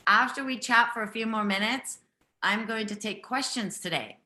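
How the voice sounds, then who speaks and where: A woman breathwork teacher hosting a live online session, talking in a gentle, earnest way and often repeating herself. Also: fairly high pitch, moderate pace, reverberant.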